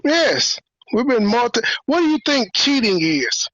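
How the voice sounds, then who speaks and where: A man's voice: very high-pitched, big pitch swings, measured pace, fairly bright tone, dry recording. Blunt man hosting a stream. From Memphis, USA. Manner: blunt, provocative, teasing. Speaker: show host. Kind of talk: livestream talk show chat. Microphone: video call stream. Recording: dull dry lo-fi stream audio.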